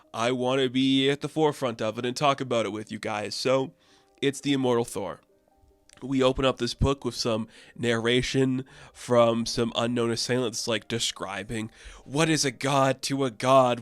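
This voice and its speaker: Rambly comic review guy, super casual, smooth clear voice, dry close mic. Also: mid-range voice, no room sound. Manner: chatty, rambling, full of "like" and "you know".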